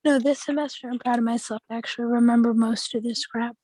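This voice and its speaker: A young woman with a sore throat talking in a monotone, chatting casually as a student on a group video call. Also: on the high side, fast talker, no room sound.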